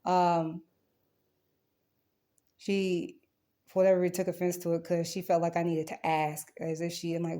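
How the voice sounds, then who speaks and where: A woman's voice: on the low side, flat delivery, normal speed, long pauses, warm tone. A woman giving a rambling, defensive account of a dispute, swearing often and restarting her sentences.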